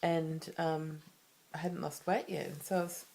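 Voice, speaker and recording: An Australian woman vlogger confides personal matters to the camera in a low, slightly mellow voice, keeping a level tone and a measured pace. Her talk is candid and rambling, with frequent sentence restarts and asides that circle back.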